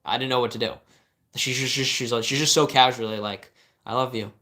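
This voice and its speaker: A man's voice: medium pitch, fairly even intonation, fairly quick, sharp tone. A young man, a life coach, giving casual live-stream advice to viewers, earnest and rambling with many restarts.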